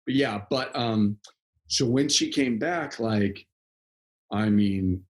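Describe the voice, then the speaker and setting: A man's voice: fairly low pitch, takes it slowly. A young man chatting casually as a podcast guest, rambling with lots of fillers and frequent laughs. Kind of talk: casual conversation.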